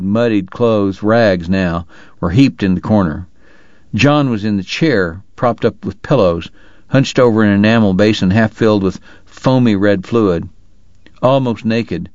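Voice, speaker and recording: Low-voiced male audiobook narrator. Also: a little mellow, dry recording, lo-fi sound. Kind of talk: scripted narration.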